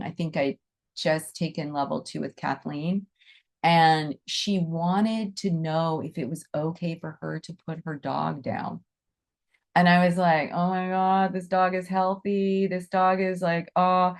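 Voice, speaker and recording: A middle-aged woman teaching a class in an earnest, soothing way, often checking in with "right?" and "you know". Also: on the low side. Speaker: animal Reiki teacher. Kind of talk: informal teaching talk.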